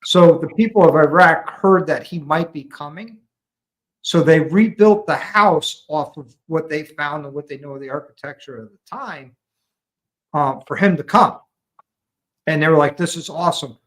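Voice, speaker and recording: A man with an American accent, a veteran guest telling a long story in a calm, explanatory way with frequent ums. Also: fairly high pitch, normal speed, rough recording. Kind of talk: casual storytelling conversation.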